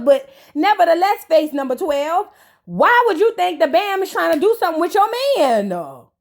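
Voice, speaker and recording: A woman recapping a reality show in a sassy, dramatic, casual way, talking straight to her audience. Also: extremely high pitch.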